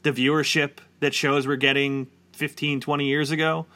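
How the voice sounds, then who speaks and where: Bright-voiced man rambling casually. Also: on the high side, level tone, normal speed. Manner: rambling, heavy use of "like" fillers. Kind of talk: casual chat.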